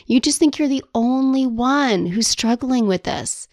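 A woman hosting a life coaching podcast who talks in a playful, animated way, laughing often and acting out whiny voices. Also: high voice, measured pace, no echo, clean studio sound. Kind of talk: solo podcast monologue.

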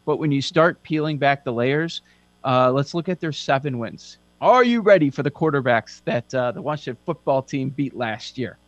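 A man's voice: mid-range voice, lively intonation, lo-fi sound, a little hiss or hum. A man hosting a casual sports betting chat, running through team records with dry sarcasm. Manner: sarcastic, lists facts quickly.

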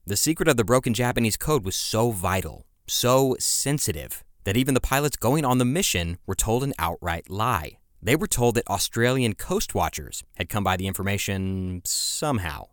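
Low-voiced man narrating history, dry sound. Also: expressive, moderate pace, few pauses, no room sound. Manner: conversational storytelling with casual asides. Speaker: podcast host.

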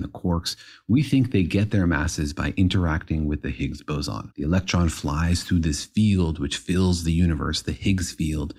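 A man's voice: low-pitched, a little mellow, breathy edge. A man, a physicist, patiently explaining particle physics to his co-host in a casual podcast chat.

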